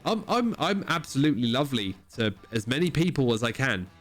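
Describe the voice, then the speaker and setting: A man, co-hosting a casual podcast chat, blunt and sweary, with halting restarts. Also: medium pitch, lively intonation, fairly bright tone, soft background music. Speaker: podcast co-host.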